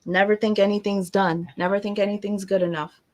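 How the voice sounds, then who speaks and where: A woman's voice: medium pitch, level tone, fairly quick. Chatty young woman on a livestream. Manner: chatty, emphatic, motivational. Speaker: livestreaming artist. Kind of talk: casual livestream chat.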